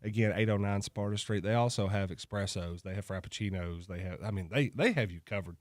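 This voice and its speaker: A man's voice: fairly low pitch, a little fast, no room sound. A man hosting a local radio show, chatting loosely, joking and laughing between sponsor reads in a studio. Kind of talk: casual on-air chat with sponsor reads. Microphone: studio microphone.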